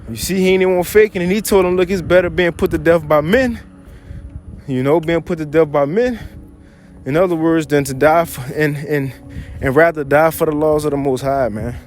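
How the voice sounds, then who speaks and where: High-pitched male bible teacher, slangy and animated, reads verses and riffs on them. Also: brisk, soft background music. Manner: reads verses aloud, then paraphrases in loose slang; animated, chuckles often. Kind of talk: casual scripture teaching.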